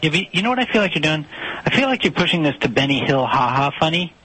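A man's voice: on the high side, sing-song, fast, bright, forceful tone, slightly rough, dry recording, rough recording. A man in a comedic sketch, defensively telling a story and slipping into a put-on, formal delivery. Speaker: storyteller being recorded.

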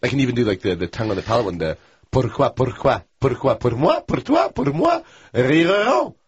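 A man's voice: on the low side, racing, darkish tone, slightly rough, dry recording, lo-fi sound. A man playing a pushy, boastful friend who shows off his schoolboy French in a scripted radio comedy. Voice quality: smug, teasing, self-assured. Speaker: eager friend offering to translate.

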